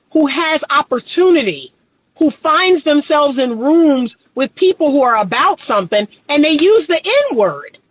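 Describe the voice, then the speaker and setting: A woman's voice: high voice, no echo, rough recording. A woman relationship coach talking on a livestream, reading out viewer comments and pushing back with emphatic, exasperated rhetorical questions and frequent laughter. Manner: animated, laughs often.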